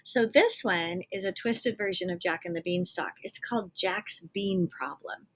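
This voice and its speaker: Lady teacher reading a storybook to kids, calm, pauses to explain stuff. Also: fairly low pitch. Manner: calm, stops to explain to children. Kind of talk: children's read-aloud.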